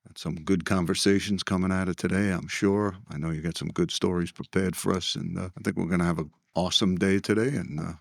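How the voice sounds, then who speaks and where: Deep gravelly man hosting a chat. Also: steady tone, no room sound, studio quality. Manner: affable, quick to laugh and agree. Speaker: podcast host. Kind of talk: casual interview chat.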